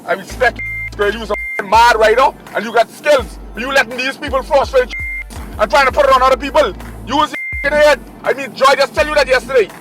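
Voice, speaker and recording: A man's voice: very high voice, fairly quick, music in the background. A man, a traveling artist, insistently scolding and repeating himself in a heated argument inside a moving car.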